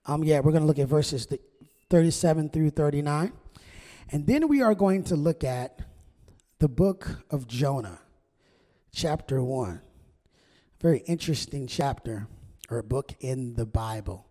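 Male pastor, conversational preacher, mellow and slightly high voice, call-and-response, echoing sanctuary. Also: lively intonation, a little slow, pauses often. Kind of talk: sermon. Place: church sanctuary. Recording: long church hall reverb.

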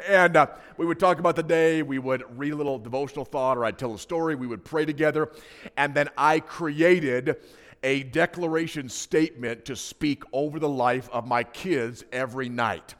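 A man's voice: fairly high pitch, a bit bright. A man in his thirties, a pastor giving a sermon, telling personal stories in a conversational way with asides to the congregation. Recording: preaching in a reverberant hall.

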